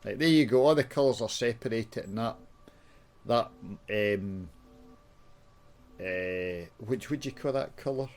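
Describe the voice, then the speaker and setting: A man's voice: on the low side, a little slow, pauses often. Swearing Scottish man ranting while playing. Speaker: YouTuber. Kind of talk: casual gaming chat with swearing.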